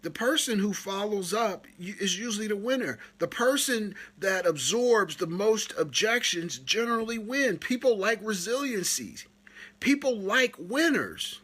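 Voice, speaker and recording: A husky-voiced man talks casually on a live stream, coaching photographers. He tells stories with lots of energy, his voice climbing high as he acts out what others said. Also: measured pace. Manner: animated storyteller, rises high when retelling stories.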